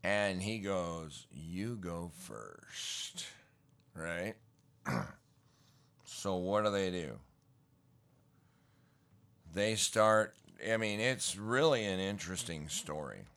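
Low, slow-talking folksy male preacher. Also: expressive, fairly bright tone, clear, resonant tone. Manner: folksy, slangy storytelling with rising emphatic bursts. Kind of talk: casual sermon.

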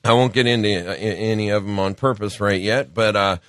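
A man's voice: lowish voice, fairly quick, fairly bright tone, no echo, clean studio sound. A middle-aged man hosting a radio show, talking in a folksy, rambling way with preachy asides, his voice off from a cold. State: sick, voice off from a cold. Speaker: radio show host and business owner. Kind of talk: casual talk-radio monologue.

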